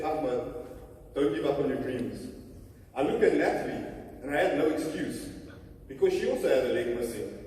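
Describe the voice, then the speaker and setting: A South African man in his thirties, a motivational speaker telling a humorous personal story to a conference audience, often turning to the crowd with "okay?" and "ladies and gentlemen". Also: a little high. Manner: animated, humorous, addresses audience directly. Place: large conference hall. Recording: roomy hall from far off.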